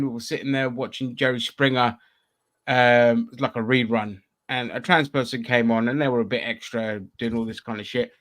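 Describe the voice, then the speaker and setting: A man's voice: mid-range voice, a bit bright. A man hosting a casual podcast chat, loose and sweary, with lots of restarts and fillers. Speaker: podcast host.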